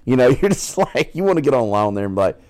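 A man's voice: mid-range voice, very animated, quick pace, a little mellow, dry recording. A man co-hosting a casual podcast. He swears freely, laughs a lot and tells stories in put-on voices. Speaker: podcast co-host. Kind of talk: casual chat.

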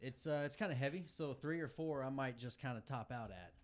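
A man in a casual podcast chat, excitable and loud, quick with a bad joke. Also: mid-range voice. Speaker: podcast co-host.

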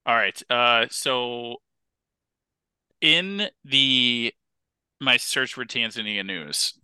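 A man co-hosts a casual podcast, and his voice is strikingly bright and smooth. He tells his stories in an animated way, leaning on "like" as a filler. The sound is dry and close, with no room in it. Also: mid-range voice, drawn-out words, dry recording. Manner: animated storyteller, lots of "like" fillers. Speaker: podcast co-host. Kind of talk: casual chat.

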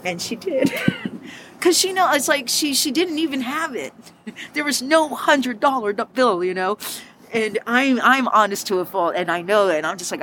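Animated woman telling bar stories. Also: moderate pace, background noise. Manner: animated, acts out quoted voices with sharp pitch jumps. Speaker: former bartender interviewee. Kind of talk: storytelling interview.

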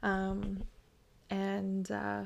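A woman's voice: medium pitch, completely flat delivery, extremely slow, vocal fry. A pregnant woman hosting a podcast, telling a personal story in an emotional, reflective way with many fillers. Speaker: podcast host.

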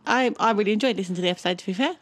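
A woman's voice: mid-range voice, racing, no room sound. A woman co-hosting a podcast, chatting casually, laughing often and reading history notes aloud. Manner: giggly, reads notes aloud. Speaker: podcast co-host.

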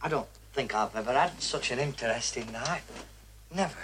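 An actor playing a smitten young man who earnestly flatters a woman in 1960s film dialogue. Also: mid-range voice, moderate pace, a little hiss or hum, natural voice. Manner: earnest, eager compliments. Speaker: film character.

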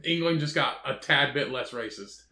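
A man co-hosting a podcast, chatting casually with crude jokes and animated storytelling. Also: mid-range voice, normal speed, reverberant, a little hiss or hum. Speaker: podcast co-host. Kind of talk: casual chat.

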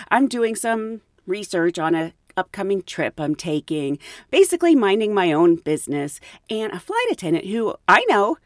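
Animated woman podcast host. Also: fairly low pitch, no echo, studio quality. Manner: animated, chatty. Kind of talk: casual storytelling chat.

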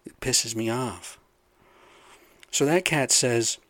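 A man's voice: mid-range voice, measured pace, pauses often, no room sound. Casting: fired-up, foul-mouthed man ranting on his own, dry close sound. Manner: profane, worked-up, rambling. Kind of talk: casual rant.

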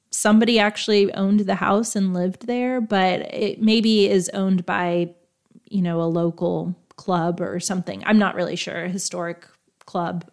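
Young adult woman, casual travel host, mid-pitched, conversational and a little rambling. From Texas. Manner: chatty, self-correcting, unsure asides.

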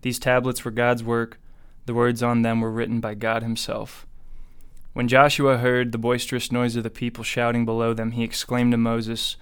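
A man reading scripture aloud as a Bible reader, in a steady, even way. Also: mid-range voice, moderate pace, clear, resonant tone.

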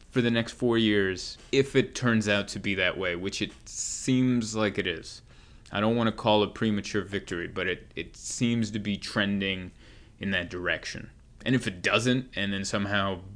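A man's voice: lowish voice, a bit bright. A young man doing a comedic monologue, telling rambling stories with wry asides. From United States.

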